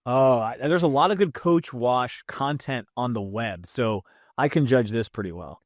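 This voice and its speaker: A man hosting a sports podcast, asking quick playful questions in casual chat. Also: mid-range voice, no echo, clean studio sound. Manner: upbeat, quick questions and banter. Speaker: podcast host.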